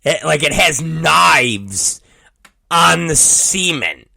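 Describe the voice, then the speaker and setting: A man in his forties hosting a talk show, telling a crude story with repeated words and sudden shouted exclamations. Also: fairly high pitch, expressive, very slow, gravelly, dry recording. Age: 40s. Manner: vulgar, repetitive, bursts into shouted exclamations. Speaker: podcast host. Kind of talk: crude comedic monologue.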